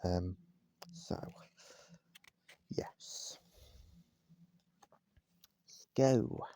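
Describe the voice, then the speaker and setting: A man reading a children's storybook aloud at home, gentle and speaking straight to his listeners. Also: sits low, very slow, in a whisper. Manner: gentle, addresses listeners directly. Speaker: vlogger reading a bedtime story. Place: at home, indoors, cat on his knee.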